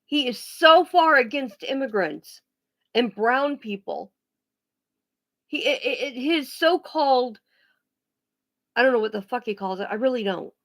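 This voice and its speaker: Slow-talking lady venting on her vlog, kinda high voice, blunt, swears a lot, lots of stops and restarts. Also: lively intonation, a bit bright. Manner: blunt, profane, emphatic; halting restarts and pauses. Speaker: vlogger. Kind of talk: casual vlog rant.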